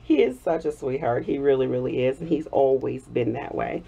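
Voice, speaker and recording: A woman's voice: very deep voice, moderate pace, vocal fry, mellow, husky. A woman in her thirties telling a story in a casual home vlog, chatty and laughing often, still getting over an illness. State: recovering from illness. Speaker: soap-making vlogger.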